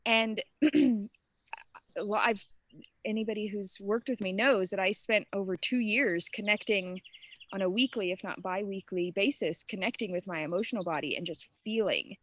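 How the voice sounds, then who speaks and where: A woman's voice: medium pitch, normal speed, a little hiss or hum. A woman leading a live group coaching session, speaking earnestly and casually to participants, with plenty of fillers and direct questions. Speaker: spiritual transformation coach.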